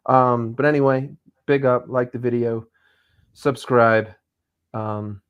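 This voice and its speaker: A man's voice: mid-range voice, fairly even intonation, slow pace, clear, resonant tone, dull audio. A man joining a casual stream by video call from a hotel room, talking in a laid-back way with stumbling restarts. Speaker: guest. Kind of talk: casual chat.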